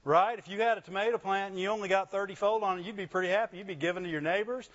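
Speaking very fast in a high, bright voice, a pastor pushes his sermon points and keeps checking in with the congregation, calling out "Amen?" and "Right?" over and over. The recording is dull and lo-fi.

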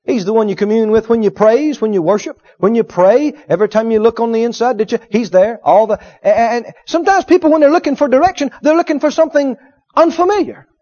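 A man preaching a sermon, animated, acting out little dialogues and swinging from loud to hushed. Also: very high-pitched, quick pace. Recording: dull lo-fi sermon recording.

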